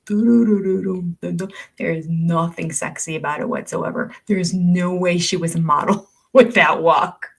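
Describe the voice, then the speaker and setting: A woman's voice: fairly low pitch, slightly rough. An older woman hosting a livestream, chatting casually, reading viewer comments aloud and laughing often. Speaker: livestream host.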